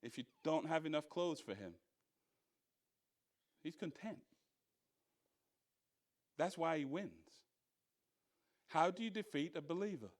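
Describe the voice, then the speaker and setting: A man teaching a Bible study as pastor, animated, asking rhetorical questions and mimicking other voices. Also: fairly high pitch, slow, long pauses. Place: church.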